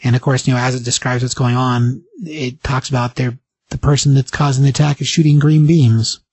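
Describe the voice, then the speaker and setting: A man hosting a podcast, casually recapping a comic book story in an animated way, briefly acting out the characters' lines. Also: mid-range voice, a little fast, husky, no room sound. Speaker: podcast host.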